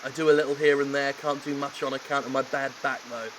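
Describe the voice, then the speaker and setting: A man reading the lines of an old gardener flatly, in his own voice. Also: medium pitch, fast, noisy background, close to an everyday voice. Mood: dry. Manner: flat plain reading. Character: old male gardener, grumbling.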